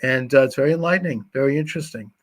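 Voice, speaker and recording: A man's voice: mid-range voice, rapid-fire. A man hosting a live talk show, thanking his guest and chatting through plugs in an affable way.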